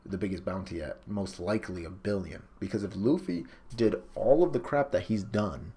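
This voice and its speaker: A man reading a comic live for viewers, excited, exclaiming, loose and profane. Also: sits low, moderate pace, slightly rough. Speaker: live reaction streamer.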